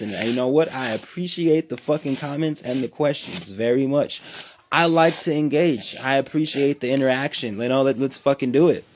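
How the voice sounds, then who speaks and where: Brief: man, livestream host at home, loose, cursing, rambling talk, mid-pitched. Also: a little hiss or hum. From New Mexico, USA. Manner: profane, rambling, animated. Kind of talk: casual livestream chat.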